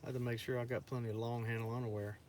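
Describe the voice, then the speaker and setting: Man co-host, relaxed, talks to viewers between tasks. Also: medium pitch, racing, slight background noise. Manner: easygoing, chats with viewers, laughs often. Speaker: farm co-host reading live comments. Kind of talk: casual chat.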